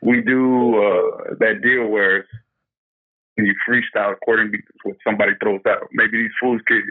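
Low-voiced Texan man on a phone line. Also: fairly even intonation, normal speed, husky. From Texas. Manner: hesitant, polite questioning. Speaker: caller. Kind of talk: phone call-in.

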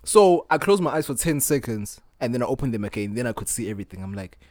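A young man co-hosting a podcast, his pitch rising and falling in a lively way as he tells stories and acts out the voices of friends. He sounds close and dry, with no room around him, and keeps slipping into loud laughs. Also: fast, dry recording. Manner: animated storyteller, acts out quotes, laughs loudly. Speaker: podcast co-host. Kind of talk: casual storytelling chat.

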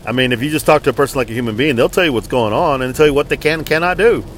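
A man's voice: medium pitch, very fast, a little hiss or hum, poor audio. A man venting angrily in a casual, profane, rambling story.

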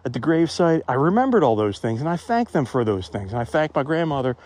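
A man's voice: medium pitch, big pitch swings, fast talker, darkish tone. A man talking to his phone as he walks outdoors, musing in a rambling, conversational way in a reflective vlog. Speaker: vlogger. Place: outdoors in a cemetery. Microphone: phone held while walking.

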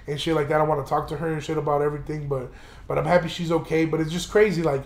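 A young man speaks on his podcast in a high-pitched, casual voice, circling back and restarting his sentences as he goes. His tone is somber and reflective, with frequent swearing. The recording has a roomy echo. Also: little pitch movement, very fast. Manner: rambling, many restarts, heavy casual swearing. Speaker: podcast host.

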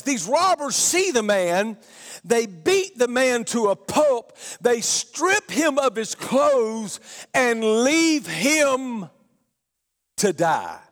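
A middle-aged man with a Southern Georgia accent preaching a sermon emphatically, his voice rising to shouts on key points. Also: extremely high pitch. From Georgia, USA. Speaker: pastor. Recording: long reverb of a large hall.

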